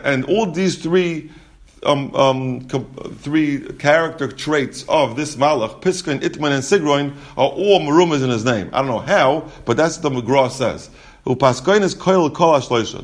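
A man's voice: on the high side, measured pace. Man teaching a Talmud lesson. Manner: reads text in singsong then explains in plain English, many restarts. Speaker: Torah teacher. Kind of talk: Talmud lesson, translating Hebrew and Aramaic text.

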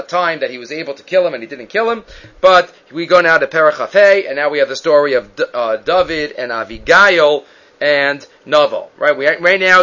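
Male teacher giving a Bible lesson, bright voice, lively retelling that plays out the speakers, muffled lo-fi recording. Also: a little high. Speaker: Torah teacher. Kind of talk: Bible class lecture. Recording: dull lo-fi recording.

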